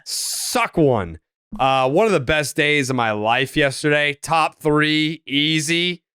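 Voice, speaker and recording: A man with a Boston accent hosts a sports podcast, his voice pitched a little high and notably smooth and clear. He tells stories with hype and playful teasing. The sound is dry and close. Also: steady tone, measured pace, pushed and bright, no room sound. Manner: hyped, joking, teasing storyteller. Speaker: podcast host. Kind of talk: casual sports podcast banter.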